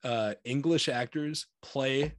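An American man co-hosting a podcast, chatting loosely and laughing easily as he acts out his own past reactions. His voice sits at an ordinary middle pitch. The recording is dry and close, with no room sound. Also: slow pace, no room sound. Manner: loose, rambling, laughs often, quotes himself. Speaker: podcast co-host. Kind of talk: casual chat.

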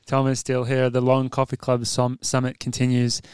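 A man's voice: mid-range voice, completely flat delivery, normal speed, a little mellow, clear, resonant tone, dry recording, studio quality. An Australian man hosting a podcast, chatting casually in laughing, easygoing banter. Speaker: podcast host. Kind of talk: casual chat.

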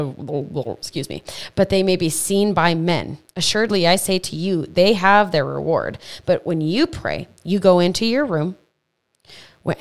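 A woman hosting a faith podcast, teaching in a chatty, earnest way, with stumbles and quick asides. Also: fairly low pitch. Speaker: podcast host. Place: home podcast setup.

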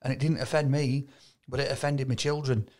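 A man's voice: mid-range voice, fairly even intonation, a little fast, darkish tone. A man with a Yorkshire accent, co-hosting a podcast chat, talking in a rambling, storytelling way with lots of restarts. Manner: chatty storyteller, stumbles and repeats words. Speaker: podcast co-host. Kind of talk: casual chat.

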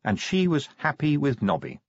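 A man's voice: mid-range voice, wildly swooping pitch, normal speed, breathy edge, no room sound, muffled recording. A man narrating a comic audiobook with wry, dry timing.

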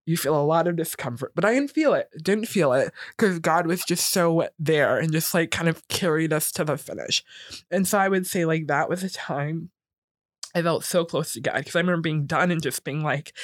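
A woman in her thirties telling a personal story in casual talk, jumping up in pitch when she quotes people. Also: no room sound, clean studio sound. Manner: animated, acts out quoted voices higher.

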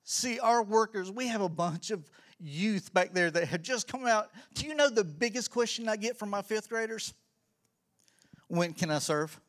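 High-voiced, fervent male church speaker. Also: moderate pace. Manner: energetic, preacherly, with rising shouts. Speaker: children's ministry pastor. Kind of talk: church talk from the pulpit.

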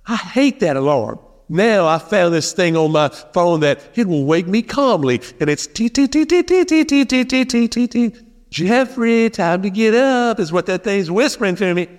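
A man's voice: sits high, in a large hall. A male pastor preaching a sermon in a conversational, emphatic way, often repeating key phrases for weight. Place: church sanctuary.

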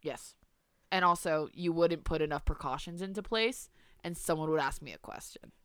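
A woman co-hosting a podcast, chatting in a wry, animated way and riffing on her co-host. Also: deep voice, normal speed, clean tone, no room sound, studio quality. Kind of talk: casual chat.

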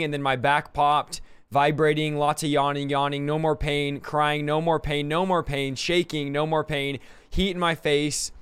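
Man host excitedly reading viewer comments. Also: on the high side, smooth, no echo. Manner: quick, excited listing. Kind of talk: live stream, reading comments aloud.

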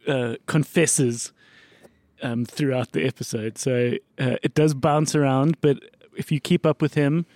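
A man hosting a podcast, chatting in a relaxed, reflective way. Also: mid-range voice, unhurried, no room sound. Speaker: podcast host. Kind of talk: casual podcast chat.

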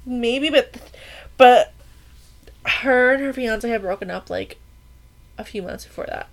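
A woman's voice: a little high, unhurried, gravelly. Blunt, swearing woman podcast co-host. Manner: blunt, profane, emphatic. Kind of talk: casual chat.

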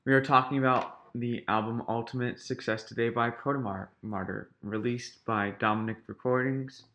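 A man's voice: mid-range voice, steady tone, moderate pace, fairly bright tone. A young man hosting a music podcast, opening the episode with a dry, joking intro and correcting himself as he goes. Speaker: podcast host. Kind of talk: casual show intro. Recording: dull lo-fi sound.

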